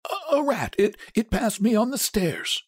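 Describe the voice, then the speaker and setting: A man's voice: high-pitched, very animated, unhurried, breathy edge, no echo, clean studio sound, voice pushed up, heavily acted. A man voicing a terrified old man in a storybook reading, stammering in shaking tones. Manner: stammering, fearful.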